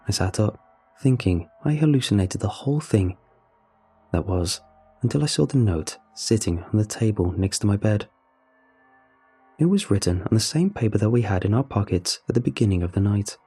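Somber young man telling a dark horror tale. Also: on the low side, husky. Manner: somber, measured, confessional. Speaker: narrator. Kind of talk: first-person horror story narration. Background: faint music.

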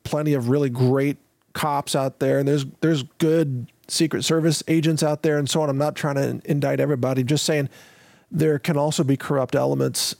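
A man's voice: mid-range voice, gravelly, a little mellow, no room sound. A male show host giving assertive commentary.

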